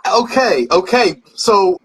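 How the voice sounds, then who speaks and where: A man's voice: high-pitched, animated, takes it slowly, a bit bright, low-quality recording. A man hosting a casual interview, giving short affirmations and thinking aloud as he frames his questions. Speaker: host.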